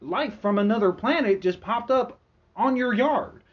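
A man's voice: very high-pitched, measured pace, lo-fi sound, voice pushed up. A man voicing eager male astronauts who are baffled that nobody cares they came from Earth. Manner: pleading, insistent.

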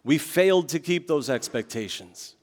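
A man's voice: on the high side, expressive, normal speed, in a large hall. A man preaching a sermon as pastor, earnest and direct, with rhetorical questions to the congregation.

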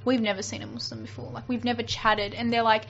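A woman's voice: a little high, little pitch movement, quick pace, fairly bright tone, faint music behind. A young woman co-hosting a podcast, telling stories in a chatty, laughing way. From Australia. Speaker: podcast co-host. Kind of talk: casual chat. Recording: dull lo-fi sound.

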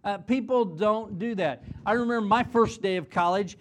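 A man's voice: high-pitched, normal speed. A man, middle-aged or older, preaching an earnest chapel sermon to students, often repeating a word as he starts a phrase. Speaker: college president preaching in chapel. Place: chapel service before students.

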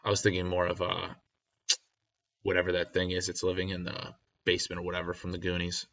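A man's voice: sits low, monotone, brisk, a bit bright, a little hiss or hum. A man co-hosting a casual podcast chat, making dry, teasing jokes. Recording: dull lo-fi audio.

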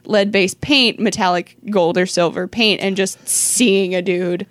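A woman's voice: mid-range voice, a little slow, no echo. Giggly young woman telling stories. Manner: giggly, animated storytelling. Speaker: podcast co-host. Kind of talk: casual chat.

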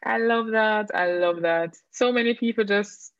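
A woman guest in a casual podcast chat, telling stories quickly and with animation. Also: medium pitch, no echo. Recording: dry, dull lo-fi mic.

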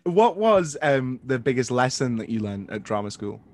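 A man's voice: mid-range voice, big pitch swings, moderate pace, a little mellow, no room sound. A man hosts a podcast in a casual, playful way, full of fillers. His voice sits in the middle range and is recorded dry and close. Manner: chatty, playful, lots of fillers. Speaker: podcast host. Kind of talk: casual interview chat.

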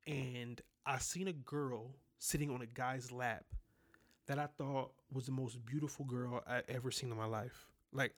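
A man's voice: mid-range voice, steady tone, measured pace. Young guy telling wild stories off the cuff, swearing a lot, mid-range voice, talking right to his listeners. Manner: candid, profane, talks straight to listeners. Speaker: podcast host telling personal stories. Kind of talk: casual storytelling monologue.

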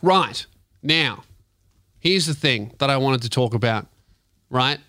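An Australian man hosting a comedy podcast, loud and joking, teasing his co-host and swearing freely into a studio microphone. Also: mid-range voice, expressive, slow, no echo. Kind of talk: crude comedic podcast banter.

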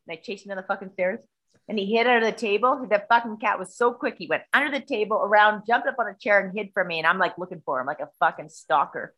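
Bright-voiced, profane middle-aged woman. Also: mid-range voice, fast, rough recording. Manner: profane, rambling, animated. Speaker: storyteller. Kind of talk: casual storytelling chat.

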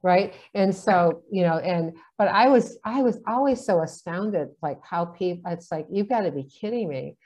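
Low, mellow-voiced woman telling stories. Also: moderate pace, hardly any pauses. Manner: chatty, acts out dialogue in her stories. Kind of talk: casual conversation, telling stories. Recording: dull lo-fi sound.

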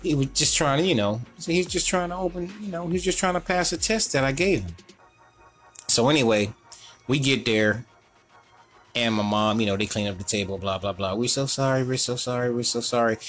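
A man spins a family story in loose everyday slang and keeps breaking into laughter as he goes. His voice sits at an ordinary middle pitch. Soft music plays faintly in the background. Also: moderate pace. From North Carolina, US. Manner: animated, laughing, slangy, repeats "you know what I'm saying". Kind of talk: casual storytelling.

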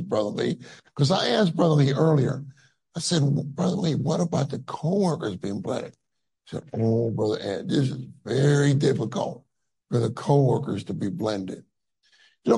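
A man's voice: a little high, vocal fry, mellow, breathy edge, poor audio. A man giving a sermon, telling a personal story in a conversational, earnest way with many asides. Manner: conversational, full of asides and fillers; tender and earnest when recalling. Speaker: conference speaker.

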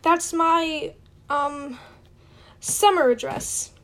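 A woman's voice: high-pitched, extremely slow, fairly bright tone, a little hiss or hum, heavily acted. A woman reading a storybook aloud and voicing a nervous, stammering teenage boy satyr. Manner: jittery, stammering, pleading.

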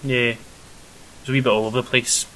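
A young Scottish man chatting casually about a film as a podcast co-host, rambling with many pauses and ums. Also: mid-range voice, little pitch movement, sharp tone, low-quality recording. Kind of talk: casual film review chat. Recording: faint hiss.

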